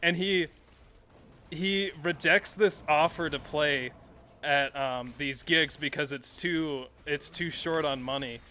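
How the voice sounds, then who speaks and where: A man's voice: a little high, takes it slowly, bright, forceful tone, a little hiss or hum. A man streaming a video game, chatting casually in a rambling, self-correcting way and swearing often. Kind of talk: casual live-stream commentary while playing.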